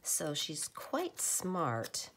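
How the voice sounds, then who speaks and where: Low gravelly woman chatting while crafting. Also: huge pitch swings, extremely slow, background noise. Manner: chatty, rambling, often drops to a soft whisper. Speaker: crafter making journal ephemera. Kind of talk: casual crafting chat. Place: home craft table.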